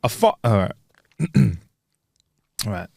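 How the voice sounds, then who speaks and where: A man co-hosting a casual podcast, telling jokes, quick to laugh and to apologize. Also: fairly low pitch, sing-song, gravelly, a little mellow, dry recording, studio quality. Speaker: podcast co-host.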